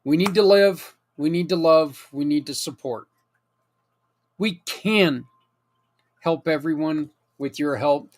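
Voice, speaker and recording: A man's voice: on the high side, slow. Earnest man making an emotional appeal. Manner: earnest, emotional, plain-spoken pleading. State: near tears. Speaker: host and nonprofit founder. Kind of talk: heartfelt community appeal.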